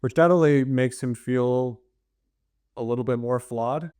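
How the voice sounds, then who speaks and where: A podcast co-host talks about a novel in a casual book discussion, chatty and meandering with many fillers and restarts. His mid-range voice is warm and clean and unhurried, in a dry, studio-quality recording.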